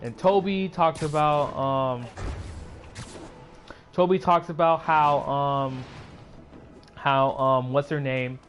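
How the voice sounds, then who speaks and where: A man giving a casual, excitable movie recap on his channel, rambling with lots of fillers and restarts. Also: on the high side, slow pace, long pauses. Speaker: YouTuber.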